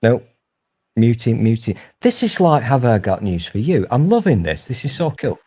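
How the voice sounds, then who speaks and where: A man's voice: mid-range voice, very animated, normal speed, mellow, breathy edge. A man in his forties hosting a casual sofa chat, rambling along in a sweary, mischievous way. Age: 40s. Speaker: host.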